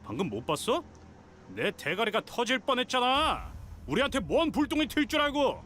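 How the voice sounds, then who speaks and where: A brash hot-tempered youth. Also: male voice, extremely high pitch, very animated, very fast, heavily acted. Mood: irritated. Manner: coarse, shouting insults.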